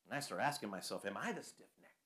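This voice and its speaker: Bright-voiced man preaching a sermon. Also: fairly low pitch, sing-song, quick pace. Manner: rhetorical questions, conversational.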